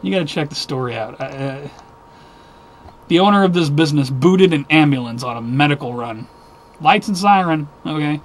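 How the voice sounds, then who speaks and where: A man's voice: a little high, moderate pace, a little hiss or hum. Rambling, worked-up man hosting a news video. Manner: rambling, restarts, easily worked up. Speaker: host of a weekly news video. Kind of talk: casual news commentary with rants.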